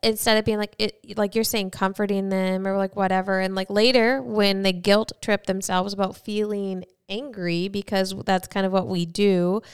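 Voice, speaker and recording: A woman co-hosting a casual podcast chat, relaxed with frequent fillers. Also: medium pitch, moderate pace, hardly any pauses, smooth. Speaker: podcast co-host.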